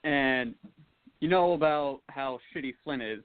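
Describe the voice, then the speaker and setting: A man from Michigan calling in to a radio show, asking a halting question. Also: mid-range voice, no room sound. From Michigan, United States. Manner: hesitant, halting. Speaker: caller. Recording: dry tinny phone line.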